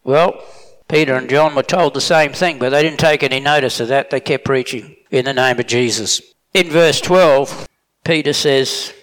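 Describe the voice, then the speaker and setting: Male preacher, middle-aged, slightly higher voice, plain and emphatic, restarts sentences, hall reverb. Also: a little slow, a bit bright. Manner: plain-spoken, emphatic, with self-corrections. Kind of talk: sermon.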